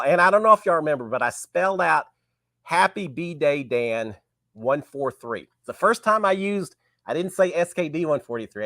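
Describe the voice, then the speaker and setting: Raspy sick guy hosting a live show, lively up and down voice, dry close sound. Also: medium pitch, no echo. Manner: greets viewers by name, folksy and chatty. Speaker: show host. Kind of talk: casual live-stream chat.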